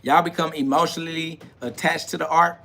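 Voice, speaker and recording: A man's voice: on the high side, fairly even intonation, fairly quick, creaky, sharp tone, a little hiss or hum. A man hosting a live stream, preaching. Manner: swaggering, slangy, talks back to chat comments. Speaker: livestream host. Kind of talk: casual preaching monologue.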